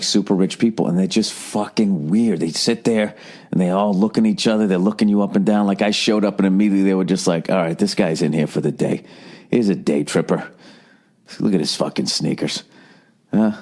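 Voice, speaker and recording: A man in his forties with a Boston accent, hosting a solo comedy podcast and ranting in a profane, sardonic, animated way. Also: lowish voice. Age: 40s. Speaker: podcast host.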